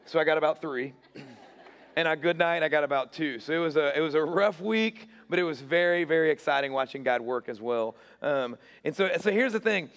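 Hoarse young pastor in an echoing hall. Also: male voice, fairly high pitch, fairly quick, a faint crowd. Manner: energetic, self-deprecating, repeats words. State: hoarse, losing his voice. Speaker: youth pastor. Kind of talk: church announcements and prayer. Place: large church auditorium. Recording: long church hall reverb.

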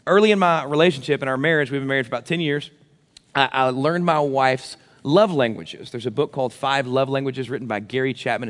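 A man in his thirties, a pastor, giving a sermon with animated, self-deprecating stories. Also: medium pitch, big-room sound. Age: 30s.

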